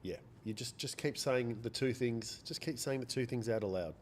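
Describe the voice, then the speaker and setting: Hosting a live day trading stream, a man chats casually, repeats phrases, and answers viewers by name. His medium-pitched voice moves at a moderate pace, with a little hiss or hum in the background.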